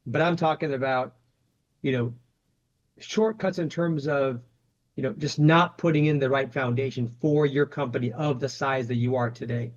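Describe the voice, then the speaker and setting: A man's voice: medium pitch, steady tone, normal speed, lo-fi sound. A man speaking as a private equity guest in a casual interview, talking conversationally and often adding "you know" and "right?".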